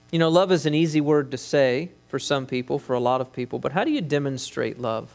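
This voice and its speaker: A man's voice: medium pitch, fairly quick, creaky, a little mellow. A man preaching a sermon as pastor, emphatic and conversational, with frequent asides to the congregation. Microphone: headset mic.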